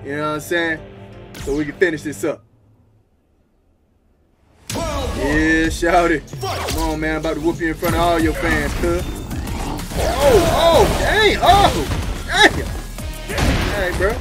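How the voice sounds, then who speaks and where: A man's voice: on the high side, normal speed, pauses often. A man hosting a gaming video, giving brash, slangy, trash-talking commentary as he plays, laughing often. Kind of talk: live gameplay commentary. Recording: loud game music behind voice.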